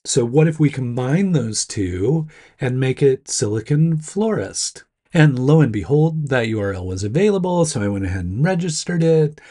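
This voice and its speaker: Hoarse, gruff-voiced man. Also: animated, normal speed, warm tone. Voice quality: gruff, lowered voice. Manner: chatty, rambling, self-deprecating. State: hoarse from smoky air. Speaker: startup news host. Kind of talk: casual weekly video chat.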